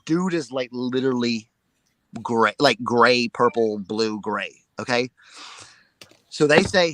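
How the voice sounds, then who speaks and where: A man co-hosting a casual live chat, telling a story in an excitable, rambling way and repeating his words. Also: medium pitch, slow, long pauses, a little hiss or hum. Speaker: reseller show co-host.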